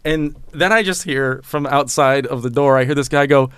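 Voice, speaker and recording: A man hosting a podcast who tells a gaming story in a casual, animated way, with lots of swearing and filler words. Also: on the high side, normal speed, clear, resonant tone, dry recording. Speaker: podcast host.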